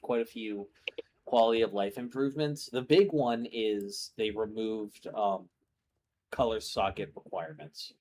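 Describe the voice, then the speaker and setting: A man's voice: fairly low pitch, unhurried, a little mellow, slight background noise. A young man hosting a gaming stream, chatting casually and greeting viewers as he plays. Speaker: streamer host.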